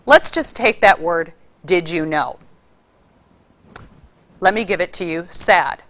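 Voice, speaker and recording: Lively woman teaching vocal delivery. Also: lowish voice, normal speed. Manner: lively, demonstrates vocal delivery with varied emphasis. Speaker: public speaking instructor. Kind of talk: casual spoken lesson.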